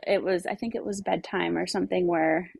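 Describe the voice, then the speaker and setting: A woman co-hosting a casual podcast chat, her voice carrying a gravelly fry. She is pregnant and laughs easily as she talks. The sound is close and dry. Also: fairly low pitch, fairly quick, no echo. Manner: relaxed, laughs often, talks about parenting with her kids. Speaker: podcast co-host.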